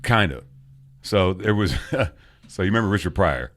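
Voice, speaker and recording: A man's voice: deep voice, animated, normal speed, fairly bright tone, soft background music. A man in his forties co-hosting a podcast, joking, swearing and laughing often while drinking beer. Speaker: podcast co-host. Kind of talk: casual chat over beers.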